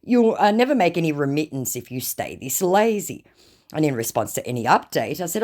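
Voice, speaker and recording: Lively, sarcastic woman telling a story. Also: low-pitched, moderate pace. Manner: sarcastic and mocking. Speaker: vlogger recounting scam chats. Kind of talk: storytime narration reading out chat messages.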